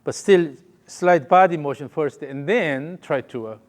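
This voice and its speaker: A man's voice: a little high, measured pace. A male golf coach giving a hands-on lesson, calling short repeated cues and humming the count and rhythm.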